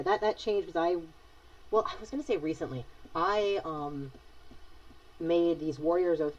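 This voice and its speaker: A woman's voice: low-pitched, darkish tone, lo-fi sound. A young woman chatting casually with her viewers while she draws live, rambling and reacting to the chat. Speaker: streamer drawing live.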